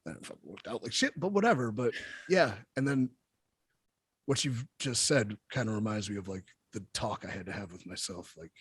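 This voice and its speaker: Husky low-voiced man telling stories. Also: moderate pace, dry recording. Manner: blunt, profane, animated storyteller. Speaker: wrestler guest. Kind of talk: casual interview storytelling.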